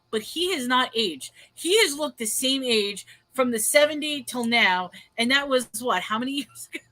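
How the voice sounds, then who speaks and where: A woman's voice: high voice, sharp tone, no echo. A woman hosting a casual livestream chat, rambling and laughing often as she reads viewer comments aloud. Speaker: host.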